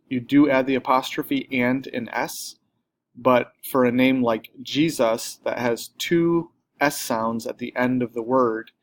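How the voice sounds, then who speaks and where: Man explaining a grammar lesson plainly. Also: medium pitch. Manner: plain explanatory, with occasional fillers and self-corrections. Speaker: teacher.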